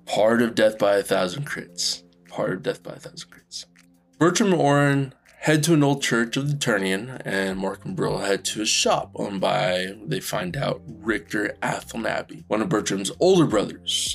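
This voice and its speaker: This man's voice sits lowish and creaky. He runs a tabletop game podcast as its dungeon master, chatting through a casual solo recap and apologizing for his mistakes with lots of fillers.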